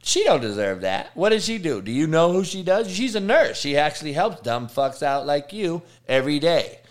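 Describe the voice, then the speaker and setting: A man's voice: fairly high pitch, big pitch swings, normal speed. A man hosting an online talk show, ranting heatedly and swearing constantly as he calls out people in his audience. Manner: foul-mouthed, heated ranting, addresses trolls directly. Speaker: show host.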